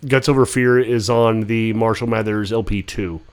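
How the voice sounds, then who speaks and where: A man's voice: on the low side, steady tone, normal speed, clean tone. A man talking casually on a podcast, rambling with lots of fillers, restarts and swearing. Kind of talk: casual podcast chat about rap albums.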